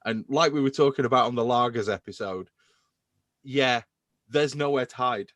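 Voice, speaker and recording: A man's voice: mid-range voice, normal speed, dry recording. A man hosting a podcast in casual chat, enthusing about beer. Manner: enthusiastic, animated beer talk. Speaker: podcast host.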